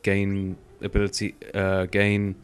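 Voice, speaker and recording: A young man chats loosely through a game, full of fillers and offhand swearing. His voice sits very low, with faint music behind him. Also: monotone, slow, smooth. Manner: rambling, swears casually, many fillers. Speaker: gaming video host. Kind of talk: casual gameplay commentary.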